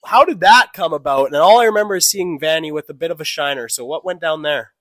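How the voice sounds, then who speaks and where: A man's voice: on the high side, quick pace, fairly bright tone, dry recording. A young man co-hosting a podcast, chatting casually and teasing his guest. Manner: teasing, joking. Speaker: podcast co-host. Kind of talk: casual chat.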